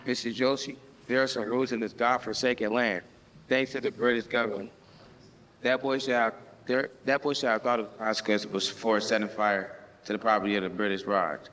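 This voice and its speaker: A man's voice: lowish voice, steady tone, brisk, fairly bright tone, natural voice. A man playing a stern colonial captain, echoey. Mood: menacing. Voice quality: harsh, threatening. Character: stern British colonial captain, male adult. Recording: hall reverb, faint background ambience.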